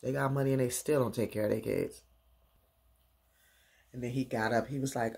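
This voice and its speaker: A woman's voice: a bass voice, fairly even intonation, normal speed, gravelly, darkish tone. A middle-aged woman recapping a TV episode in a chatty, slangy way, dancing around while she talks.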